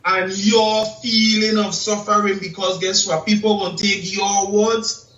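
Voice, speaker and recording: A man in casual chat, lecturing slowly and deliberately. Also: sits high, little pitch movement, crowd noise. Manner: slow, lecturing, asks "you check?". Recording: echoey room, distant dull mic.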